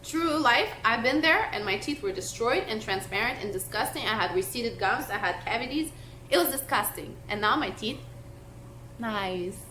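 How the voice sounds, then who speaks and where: Young woman, emphatic casual vlog talk, slightly high, faint hiss behind. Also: expressive, normal speed, bright, forceful tone. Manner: passionate, emphatic, lots of "like". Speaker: vlogger. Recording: echoey room, faint noise.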